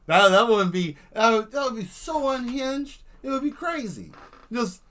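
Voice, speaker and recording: A man chatting casually on an art livestream while he draws, spinning rambling, animated stories. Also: extremely high pitch, measured pace. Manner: rambling, animated storytelling that jumps into silly voices. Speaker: livestream artist. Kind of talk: casual live-stream chat while drawing.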